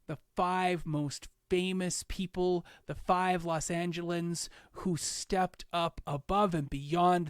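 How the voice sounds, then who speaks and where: A man voicing a female city mayor who gives a slow, grave rallying speech. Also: on the high side, clean tone, dry recording, clean studio sound.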